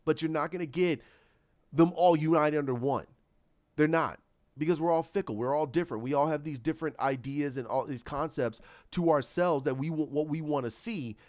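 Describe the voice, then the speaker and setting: A man's voice: fairly high pitch, moderate pace, a little mellow, muffled recording. A man giving an impassioned, opinionated solo commentary, often repeating himself and restarting phrases as he argues his point. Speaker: YouTube commentator.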